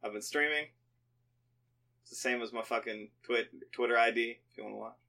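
A young man chatting casually as a podcast co-host, telling animated stories, swearing often and laughing. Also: mid-range voice, fairly quick, gravelly. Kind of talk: casual chat.

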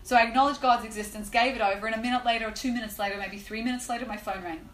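A woman teaching a class on prayer, telling a personal story in an animated way with lots of "like" and "right?". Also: a little high, racing. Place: room with a live class. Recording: echoey room, faint noise.

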